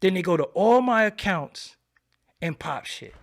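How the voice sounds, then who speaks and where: A man hosting his own channel, delivering a defiant, boastful solo rant that swings between a low murmur and loud outbursts. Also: lively intonation, unhurried, gravelly. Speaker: channel host. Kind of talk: late-night solo rant to camera.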